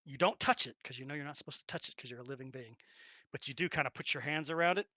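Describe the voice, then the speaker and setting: A man's voice: mid-range voice, fast talker, bright, forceful tone, dry recording, clean studio sound. A man running a tabletop role-playing game as game master, narrating the action animatedly, laughing often and acting out little sounds.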